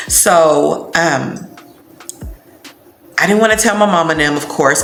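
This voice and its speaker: A woman vlogger telling a personal story in a casual, animated, slangy way and acting out the quotes. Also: low voice, a little slow, pauses often. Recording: roomy with background music.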